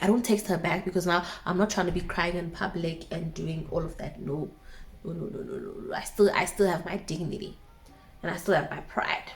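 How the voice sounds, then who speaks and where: A young woman in her twenties with a South African accent, casually telling a dramatic personal story to her viewers with asides. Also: lowish voice. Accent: South African English.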